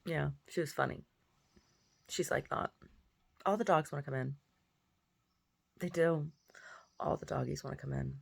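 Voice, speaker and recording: A woman, a painter and poet, chatting casually and at length, rambling softly with many restarts. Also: deep voice, fairly even intonation, measured pace, vocal fry, pauses often, breathy edge, dry recording. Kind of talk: casual monologue.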